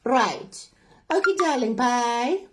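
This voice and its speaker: A woman's voice: on the high side, expressive, takes it slowly. A woman playing a dramatic middle-aged auntie with a Durban South African accent, phoning in a complaint with theatrical, indignant wailing. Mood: melodramatic. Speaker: comedy caller character. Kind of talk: comedy phone call sketch.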